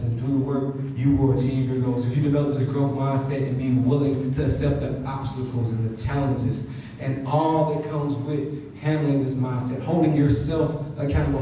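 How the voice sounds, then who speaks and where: A man's voice: medium pitch, slight background noise. A man giving a motivational talk to students and leading them in a chant. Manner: energetic, calls the audience to chant along. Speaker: motivational speaker. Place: university hall. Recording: echoey hall, voice from far off.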